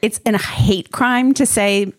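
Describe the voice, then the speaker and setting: A woman co-hosting a casual talk show, adding dry, deadpan asides. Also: medium pitch, slow. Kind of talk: casual chat.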